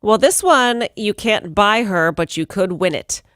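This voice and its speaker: Brief: woman radio co-host, brisk headline reader, dry close-miked sound. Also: medium pitch, lively intonation, fairly bright tone, no echo. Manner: brisk, reads headlines then jokes. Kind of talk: morning radio banter, reading news items.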